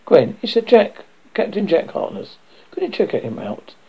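A man's voice: high voice, sing-song, normal speed, gravelly, slightly rough, full character voice. A man voicing a blunt young woman police constable who talks in a curt, offhand way. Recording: dull lo-fi recording.

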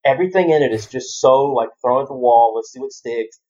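A man's voice: mid-range voice, fairly quick, a little mellow, highs cut off. A man in casual podcast chat, telling rambling, profane stories about wrestling gimmicks. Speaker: podcast co-host.

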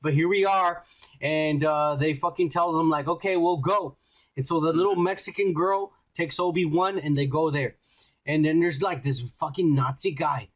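A man riffing on a podcast in a loose, profane way, his voice a touch higher than most men's. He's animated and acts out the scenes he describes. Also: normal speed. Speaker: podcast co-host. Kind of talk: casual profane chat.

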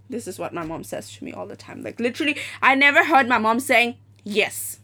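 Profane, ranting teenage podcast host. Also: female voice, on the high side, lively intonation, fast talker, hardly any pauses, pushed and bright. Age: late teens. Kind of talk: solo podcast storytelling.

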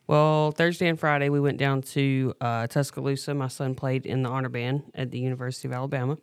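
A man telling a story in a casual podcast chat, animated. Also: medium pitch, fairly quick, clean tone, dry recording.

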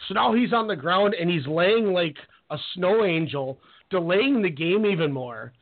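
Animated sports radio host, tinny line. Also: male voice, high-pitched, normal speed. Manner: animated storyteller, acts out players with quoted voices. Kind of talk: casual sports radio chat. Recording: tinny phone-line sound.

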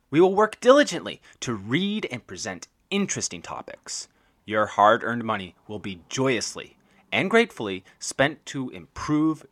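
A man's voice: medium pitch, fairly bright tone. A man reading a scripted podcast outro in a playful, mock-grandiose manner.

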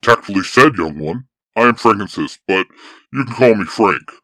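A man voicing a towering, gruff male bartender who talks low and mocking in a read-aloud fan story. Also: animated, moderate pace, sharp tone, no room sound.

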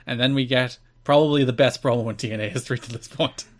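A man in a mid-pitched voice co-hosts a casual wrestling podcast. He recaps the shows with eager, chatty energy and slips into short impressions of the wrestlers. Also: steady tone. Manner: enthusiastic, retells matches with quick impressions. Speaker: podcast co-host.

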